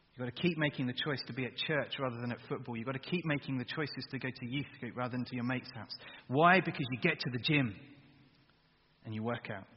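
A man preaching a sermon, asking his listeners direct questions in a lively way. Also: mid-range voice, breathy edge. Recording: dull recording with long hall reverb.

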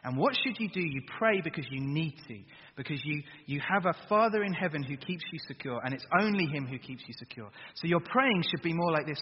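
A man preaching a sermon, asking his listeners direct questions in a lively way. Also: a little high, a little fast, few pauses, a little hiss or hum. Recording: dull recording with long hall reverb.

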